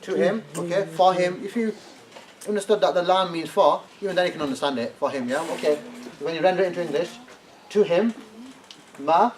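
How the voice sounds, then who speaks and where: A man's voice: sits high, a little fast. Man teaching a class, recorded from afar. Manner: checks in with "yeah?" often, prompts students to translate. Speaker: Arabic teacher. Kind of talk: classroom lesson. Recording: distant classroom recording, faint noise.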